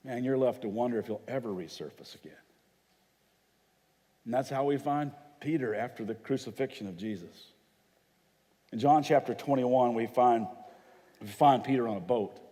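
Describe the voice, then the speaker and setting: A pastor preaching a sermon, telling stories vividly and acting out the voices of people in them. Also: male voice, mid-range voice, mellow, big-room sound. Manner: dramatic storytelling, acts out quoted voices. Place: church hall.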